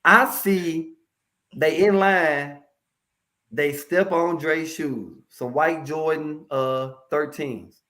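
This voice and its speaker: This is a man with a somewhat high-pitched voice, speaking as a guest in a casual interview about mental health. He tells his stories with animated, colloquial energy and turns to the audience now and then to drive a point home. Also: drawn-out words.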